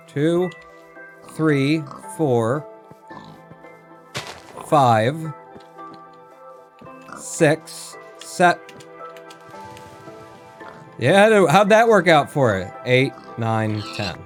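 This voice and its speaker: A male streamer at a middle pitch, talking casually to himself and the creatures on screen as he plays. He counts aloud, muses about what to do next and bursts out excitedly now and then, with some swearing. Faint game music plays behind him. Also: very slow, long pauses. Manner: chatty, thinks aloud, counts aloud, talks to animals. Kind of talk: live gameplay commentary.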